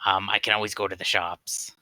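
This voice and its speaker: A man's voice: lowish voice, level tone, brisk, pushed and bright, dry recording, poor audio. A man playing a tabletop game on a call, describing his character's moves hesitantly with many fillers. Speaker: player.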